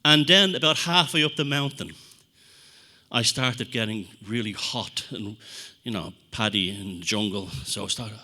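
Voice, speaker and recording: Man speaking to an audience, very bright tense voice, animated, swears a lot, acts out quotes. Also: fairly low pitch, normal speed. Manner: animated, profane storytelling with acted-out quotes. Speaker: speaker at a talk. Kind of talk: anecdotal public talk to an audience.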